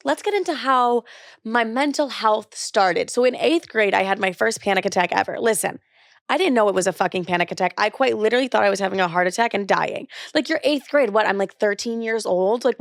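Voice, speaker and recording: A woman's voice: mid-range voice, fairly quick, gravelly, dry recording, studio quality. A young woman hosting her own podcast, talking in a casual, confessional way, swearing, joking and filling her speech with "like". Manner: chatty and profane, joking, heavy use of "like". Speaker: podcast host.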